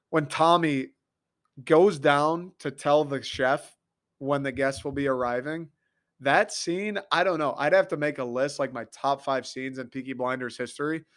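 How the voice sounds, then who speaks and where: Excitable profane American podcast man. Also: on the high side. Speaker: podcast host. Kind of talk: casual solo rant.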